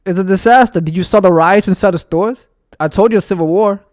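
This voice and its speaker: A man's voice: high voice, a little fast, dry recording, studio quality. Rambling, profane New man. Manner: rambling, profane, with frequent fillers and repeated phrases. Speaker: streamer. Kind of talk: agitated rambling monologue.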